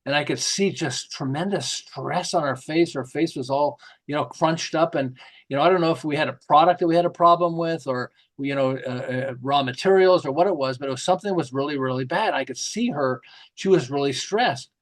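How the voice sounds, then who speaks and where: A middle-aged man, a marketing author, telling lively stories in an interview and acting out the quotes. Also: on the high side, a little fast. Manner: lively, jokey, acts out quotes with laughs. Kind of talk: animated storytelling interview.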